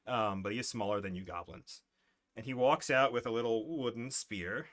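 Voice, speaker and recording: A young man narrating as game master in a casual, halting way with fillers. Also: medium pitch, a bit bright.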